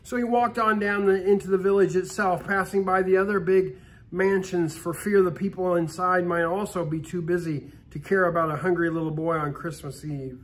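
A man reading a Christmas story aloud for a church, steady, with small restarts. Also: sits high, normal speed. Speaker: story reader.

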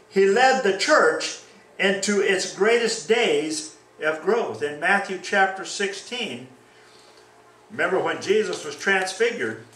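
Animated preacher in an echoey church. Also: male voice, sits high, recorded from a distance. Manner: animated preaching, acts out quoted scripture. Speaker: pastor. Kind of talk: sermon.

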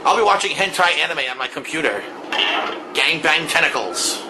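A man giving loud, excitable and crude commentary while playing video games. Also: a little high, normal speed, noisy background. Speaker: gameplay commentator. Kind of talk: crude live gameplay commentary.

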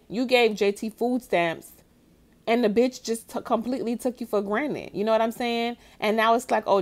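A woman from Florida giving a blunt, profane, heated reaction rant in casual talk. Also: mid-range voice. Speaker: commentary vlogger.

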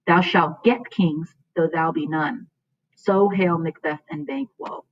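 Woman reading as eerie witch, solemn hailing chant, prophecy, lowish voice, muffled dry recording. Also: expressive, takes it slowly. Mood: prophesying.

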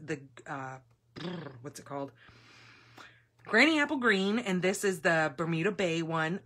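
Woman host of a casual live craft class; chatty, excitable, slightly low-pitched. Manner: chatty, gushing, excitable with fillers. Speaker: papercraft demonstrator hosting a live class.

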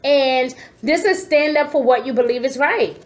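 A woman giving a casual tarot reading to her viewers, expressive and sassy, calling them endearments. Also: high voice, moderate pace. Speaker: tarot reader.

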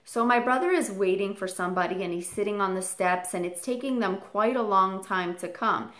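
A woman vlogger telling a story straight to her viewers in an animated way. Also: medium pitch, fairly quick. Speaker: parrot channel vlogger. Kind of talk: storytelling to camera. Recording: echoey room.

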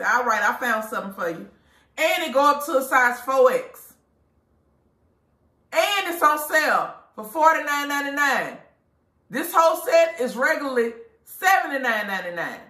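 A high, bright-voiced woman owns a lingerie shop and pitches her products live to customers. She talks bluntly, swears freely and preaches a little between the prices. The sound is roomy and echoey, as if taken inside the shop. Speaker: lingerie store owner.

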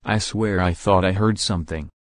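A guarded teenage boy hero who speaks in short, cool lines, as a man reading the story puts him on. The voice sits low. The recording is dry and close. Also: fairly even intonation, normal speed, dry recording, natural voice. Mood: reserved.

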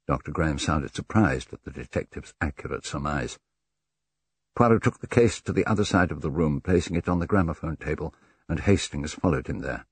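A man narrating a classic mystery audiobook in a measured storytelling manner. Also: very deep voice, husky, no room sound. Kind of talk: scripted narration.

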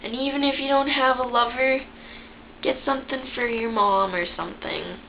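A woman's voice: a little high, fairly even intonation, moderate pace, gravelly. A young woman telling embarrassing childhood stories in a chatty, candid, self-mocking way, swearing freely. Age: young adult. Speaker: vlogger. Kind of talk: casual storytelling to camera. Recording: dull lo-fi webcam sound with faint hiss.

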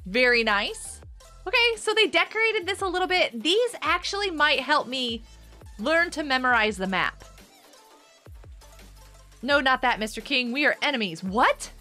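Bubbly high-voiced woman streamer, giggly. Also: lively intonation, a little slow, long pauses, pushed and bright, soft background music. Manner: bubbly, giggly, often panicked; talks to chat viewers by name. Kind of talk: live game commentary with viewers.

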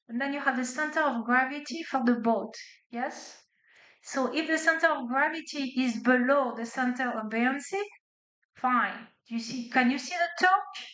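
A woman's high, somewhat bright voice fills an echoey lecture hall as she teaches physics. Her English has a non-native accent, and she explains methodically, step by step, regularly checking in with "okay?" and "right?"

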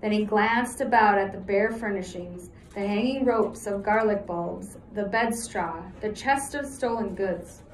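A woman teacher reading a novel aloud to her class, steady and pausing to check in with listeners. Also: medium pitch, reverberant, a little hiss or hum, low-quality recording.

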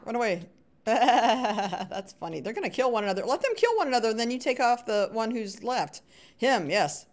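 An animated woman commentates her live game stream, chatting with viewers and cheering on the other players. Her voice swings freely up and down, and she fills quiet moments with hummed little sound effects. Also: fairly high pitch, normal speed. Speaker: gaming streamer.

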